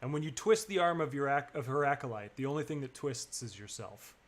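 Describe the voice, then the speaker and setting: In an animated, mid-range voice, a man acts as game master for a tabletop game, narrating loosely and haltingly with lots of filler words.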